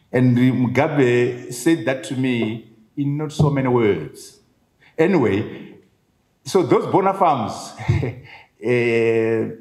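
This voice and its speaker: A man's voice: on the high side, darkish tone. A middle-aged man with a Zimbabwean accent, an author addressing an audience at his book launch, driving points home with rhetorical questions and repetition. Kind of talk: public speech. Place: event venue, echoing room. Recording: echoey room.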